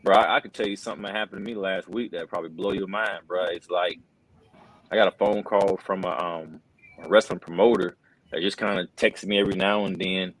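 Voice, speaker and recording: A man's voice: low-pitched, steady tone, fairly quick, rough recording. A middle-aged wrestling commentator, telling an earnest personal story in a casual interview, full of fillers like "bro" and "man.".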